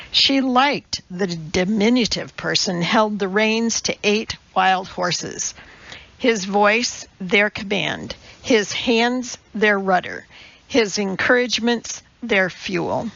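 Female audiobook narrator, slow, gravelly, somewhat muffled recording. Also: mid-range voice, fairly bright tone.

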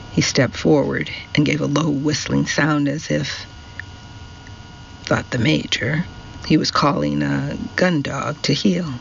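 A man reading an audiobook at a slow, measured pace, his voice with a gravelly grain. The recording is muffled and lo-fi, with faint hiss underneath. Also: fairly high pitch. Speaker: audiobook narrator. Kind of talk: scripted narration.

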